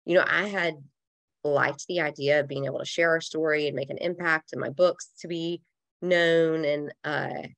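A woman with a low, gravelly voice speaks to a podcast host. She is earnest and reflective and drops casual fillers as she talks. The sound is close and dry, with little room. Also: fairly even intonation, moderate pace, fairly bright tone, dry recording. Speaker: podcast guest. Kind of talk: heartfelt conversational interview.

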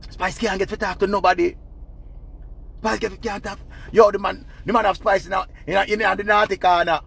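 A young man telling a gossip story in a lively, excitable, dramatic way. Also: high voice, fairly quick, vocal fry, slightly rough. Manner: animated, excitable, dramatic retelling with shouts. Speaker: vlogger. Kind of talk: casual storytelling.

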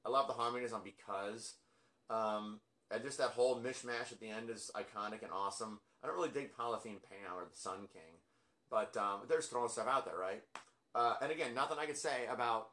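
A man's voice: medium pitch, brisk, bright, forceful tone. A man casually ranking albums from his record collection, rambling and self-deprecating with lots of fillers. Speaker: music collector vlogger.

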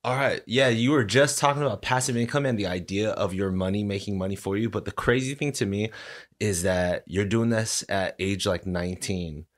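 Laid-back male podcast co-host, low voice. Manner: relaxed, quick to laugh, gives short reactions. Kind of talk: casual chat.

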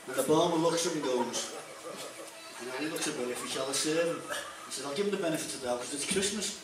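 A Liverpool man does stand-up, chatting through long jokes and slipping into the characters as he goes. His voice sits slightly high. It is caught from a distance in a very echoey room with a clear background hum. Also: very fast. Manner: chatty joke-telling, acting out characters. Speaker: stand-up comedian. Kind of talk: stand-up comedy routine. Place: stage in a room with an audience. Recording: echoey room recorded from afar.

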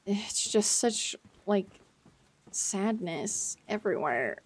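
A woman's voice: medium pitch, expressive, takes it slowly, slightly rough. A young woman streaming a game, reacting with emotion and rambling with many fillers. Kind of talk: live game commentary.

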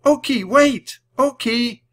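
A man voicing a cheerful, eager young girl in a children's audiobook reading, with bright, excited calls. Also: high-pitched, normal speed, pitched above the performer's own voice, heavily acted. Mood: shouting.

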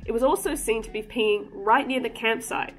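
A woman's voice: a little high, moderate pace, faint music behind. A woman hosting a casual cryptid vlog, chatty and joking, breaking into giggly asides. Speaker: cryptid channel host.

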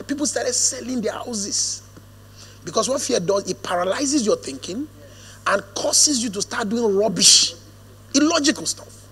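A man preaching a sermon, shifting from hushed storytelling to a firm, drawn-out preaching cadence. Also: very high voice, expressive, breathy edge. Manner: storytelling, drops to hushed quoted asides, then rises to a firm preaching cadence. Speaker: pastor. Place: church auditorium. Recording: long hall reverb.

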